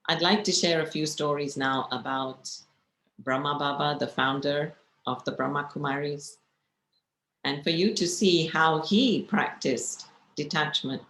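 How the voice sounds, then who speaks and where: A woman, a spiritual teacher, telling stories in a gentle, reflective way and asking her listeners questions. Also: sits low, creaky. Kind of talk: storytelling talk. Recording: echoey room with faint noise.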